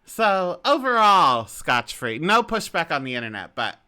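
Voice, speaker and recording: A man's voice: on the high side, a little slow, smooth. A young adult man co-hosting a podcast, telling stories and joking, laughing often. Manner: animated, joking storyteller who laughs often. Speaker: podcast co-host. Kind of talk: casual gossip chat.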